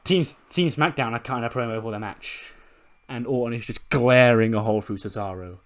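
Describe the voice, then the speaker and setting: A man's voice: medium pitch, normal speed. A man casually narrating and commenting on his game run, swearing freely and laughing along. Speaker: gaming video host.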